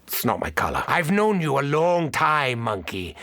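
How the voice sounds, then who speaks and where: An actor playing an unhinged, theatrical male mad scientist doctor in video game voice lines, with a manic, sardonic delivery and a gravelly, husky voice. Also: big pitch swings, normal speed, bright, forceful tone. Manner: manic, sardonic, wild pitch swings.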